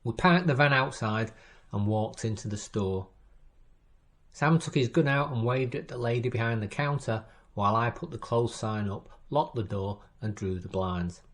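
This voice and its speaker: A man narrating a first-person crime story in a measured, wry reading style. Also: medium pitch. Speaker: story reader.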